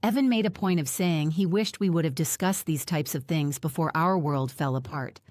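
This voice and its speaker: A woman narrating a first-person audiobook in a steady, reflective way. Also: low voice, normal speed, no echo, clean studio sound.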